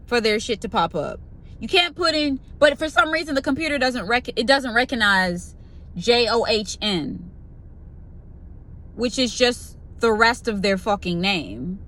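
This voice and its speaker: Animated, exasperated young woman ranting. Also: fairly high pitch. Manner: profane, exasperated, animated retelling with quoted voices. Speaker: pharmacy technician. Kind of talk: ranting storytime vlog.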